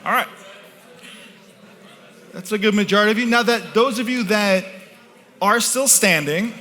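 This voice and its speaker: Onstage at an event, a male mentalist leads the crowd through an interactive game, his patter both commanding and playful. His voice is high, pushed and bright, and he doesn't rush.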